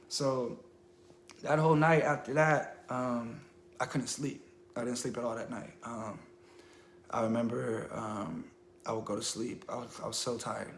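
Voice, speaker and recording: A man's voice: mid-range voice, steady tone, moderate pace, roomy sound, slight background noise. A man telling his personal religious testimony in an unscripted live stream, earnest and emotional, with a lot of "like" and "man". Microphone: phone or webcam on a social media live stream.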